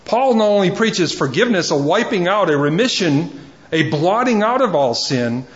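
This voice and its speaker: A man preaching a sermon in a fairly high voice, earnest and pleading as he hammers home his points through repetition. The recording sounds dull and lo-fi, with the top end muffled. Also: sing-song, normal speed. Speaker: pastor.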